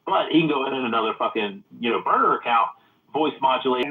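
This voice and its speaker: A man's voice: mid-range voice, a little fast, roomy sound. A man in a heated casual debate in a live audio chat room, telling rambling stories full of profanity. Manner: profane, rambling, animated storytelling. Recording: phone-like narrow audio.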